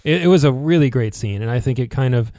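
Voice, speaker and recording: A man co-hosting a podcast in a casual chat, animated and acting out characters' lines as he recaps. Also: medium pitch, fast, dry recording, studio quality. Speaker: podcast co-host.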